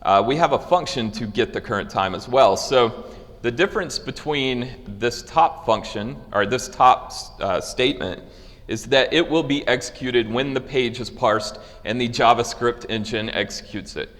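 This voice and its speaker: A man's voice: mid-range voice, moderate pace, a bit bright, big-room sound. A man giving a technical conference talk with live demos, casual and loose, with frequent fillers and restarts. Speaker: conference speaker. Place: conference hall.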